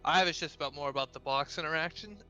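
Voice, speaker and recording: A man's voice: fairly high pitch, racing, sharp tone, faint music behind. A man playing a tabletop game, partly in character, in a hesitant, polite manner. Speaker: player.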